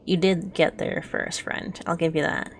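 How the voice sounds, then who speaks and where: A woman's voice: lowish voice, fairly even intonation, moderate pace, creaky, slight background noise. A woman voicing a friendly, chatty young man sharing a drink.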